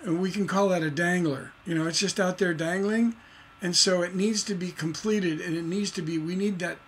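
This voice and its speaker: Man teaching songwriting, slightly high voice. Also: steady tone, normal speed, slight background noise. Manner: explains with many fillers and restarts, sings out rhythms in nonsense syllables. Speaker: songwriting instructor. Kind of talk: livestreamed songwriting lesson.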